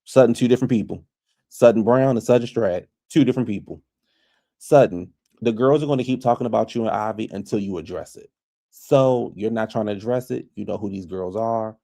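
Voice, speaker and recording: A man casually recapping a reality TV episode for his viewers, chatty and opinionated, quick to pass judgment on the cast. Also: on the low side, creaky, mellow. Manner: chatty, gossipy, opinionated, addresses viewers as y'all.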